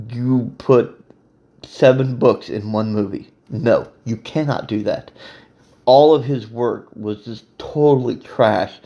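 Casting: male podcast host, gravelly fry, mid-pitched, crude, rambling, laughs a lot. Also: dark tone, dull audio. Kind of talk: casual solo podcast monologue.

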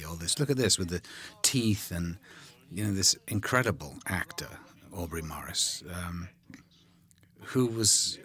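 An older man recalling making a film in a relaxed, rambling commentary, full of ums and drifting into whispers. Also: fairly low pitch, slightly rough. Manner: rambling, warm anecdotes, frequent ums, drops to whispers.

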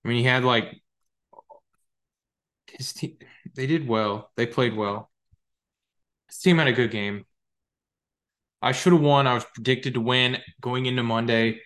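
A man's voice: mid-range voice, unhurried, pauses often. Young guy ranting about his fantasy football team, swears a lot, jokey and all over the place, regular mid voice. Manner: rambling, excitable, profane, jokey. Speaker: podcast host. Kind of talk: casual solo fantasy football talk.

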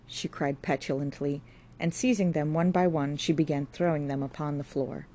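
A woman with a low voice reads a classic novel aloud in a measured, steady way. Her tone is dark and mellow, and her pacing is even and unhurried. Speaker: audiobook narrator. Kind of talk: scripted narration of a classic novel.

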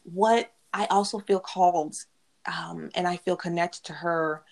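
A woman in her forties, a guest sharing personal spiritual reflections in an earnest, reflective way, often pausing and restarting mid-phrase. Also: lowish voice, steady tone, vocal fry. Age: 40s. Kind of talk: heartfelt personal sharing on a podcast.

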